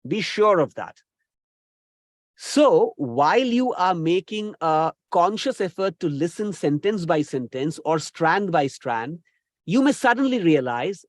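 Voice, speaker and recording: A man, a communication trainer giving a recorded lecture, speaking in a deliberate, instructive way and repeating key phrases, still getting over a cough. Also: a little high, very animated, no echo, clean studio sound. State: recovering from a cough.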